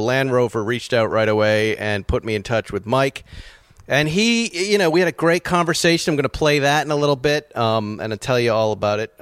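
On a car talk podcast, a male host with a clean, medium-pitched voice spins long, rambling stories and chuckles often in casual chat. There's no echo, and the studio sound is clean.

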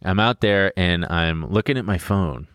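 Rambling man telling a story, low voice. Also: normal speed, fairly bright tone, clean tone, dry recording, clean studio sound. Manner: rambling, swears, laughs through his story. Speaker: podcast co-host. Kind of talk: casual storytelling chat.

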